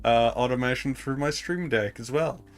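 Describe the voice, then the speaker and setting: A man's voice: mid-range voice, normal speed, soft background music. A man giving casual commentary while playing a game, chatting to himself as he goes. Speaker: gaming streamer.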